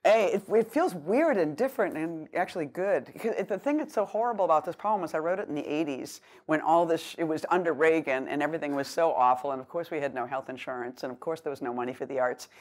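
A woman's voice: low voice, fast, few pauses. A woman with a Boston accent giving a live poetry reading, with loose, rambling asides full of fillers and restarts between poems. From Boston, USA. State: semi jet lagged. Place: bookshop event space before an audience.

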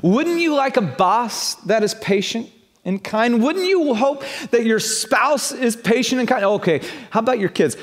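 A man's voice: very high-pitched, lively intonation, unhurried, in a large hall. A man preaching a sermon, stressing words and building up repeated questions.

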